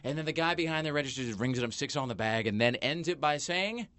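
A man's voice: on the high side, lively intonation, fast, bright, forceful tone, clear, resonant tone, no echo. A man hosting a talk show, telling a rambling story with many fillers and restarts in a small studio. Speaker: podcast host. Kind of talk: casual chat.

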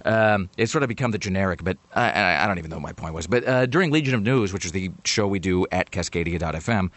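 A man's voice: low voice, fast, no room sound. A man hosting a radio talk show, chatting casually and rambling through stories with many restarts. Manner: rambling, self-interrupting, animated storytelling.

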